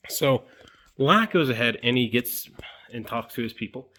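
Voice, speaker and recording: A man's voice: medium pitch, expressive, moderate pace, pushed and bright. A young man who hosts videos, casually retelling a story in slangy, profane speech and acting out the characters. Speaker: video host.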